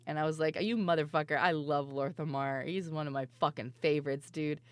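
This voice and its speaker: A woman streamer telling stories in casual chat, her voice worn and hoarse, laughing often and swearing freely. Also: sits low, fairly even intonation, a little fast, dry recording. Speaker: VTuber streamer.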